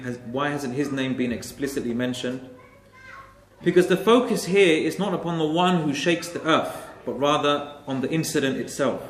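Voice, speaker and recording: Slightly high-voiced man teaching in an echoey room. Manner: repeats key phrases for emphasis; explains Arabic grammar step by step. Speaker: Quran teacher. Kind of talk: Quran exegesis class.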